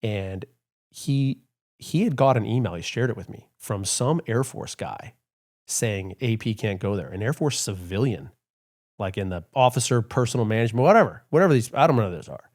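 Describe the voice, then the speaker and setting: Low-voiced man telling stories casually. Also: moderate pace. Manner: animated storyteller, many fillers, acts out quotes. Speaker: retired Air Force colonel, podcast guest. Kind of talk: casual storytelling interview.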